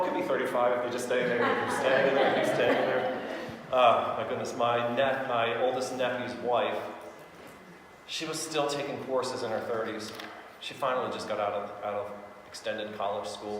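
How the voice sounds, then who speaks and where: A man giving a live sales training to an audience, chatty and quick to laugh, full of anecdotes. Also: medium pitch, steady tone, background noise. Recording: echoey hall recorded from far off.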